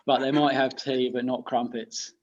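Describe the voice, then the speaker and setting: British guest, chatty and self-deprecating, mid-pitch male voice, slightly muffled lo-fi recording. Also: level tone, normal speed. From United Kingdom. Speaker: guest teacher. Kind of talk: casual podcast chat.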